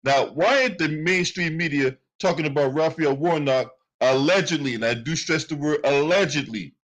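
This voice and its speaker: Male commentary host, AAVE speech, heated profane rant, slightly higher-pitched voice. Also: normal speed, fairly bright tone. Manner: heated, profane, repetitive ranting. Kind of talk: angry political commentary.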